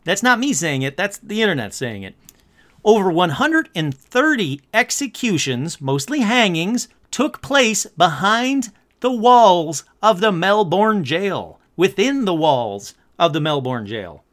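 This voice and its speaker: A man narrates in a chatty, joking way, reading passages aloud and then commenting on them. His voice sits high and bright, with a lot of swing in the pitch. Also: sing-song, unhurried. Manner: jokey, chatty asides and wry comments. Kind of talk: casual storytelling with read-out passages.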